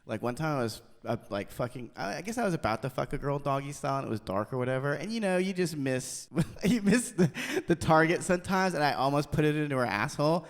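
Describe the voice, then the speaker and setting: A man's voice: fairly high pitch, expressive, fast talker, few pauses. A man co-hosting a comedy podcast, telling crude, boastful stories in loose banter. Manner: crass, boastful storytelling. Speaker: podcast co-host. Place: comedy club basement. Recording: reverberant basement studio.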